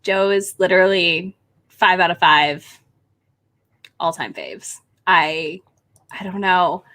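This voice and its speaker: A woman hosting a casual chat about romance books, excitable and swearing freely as she acts out characters' lines. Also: fairly low pitch, takes it slowly. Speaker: book channel host.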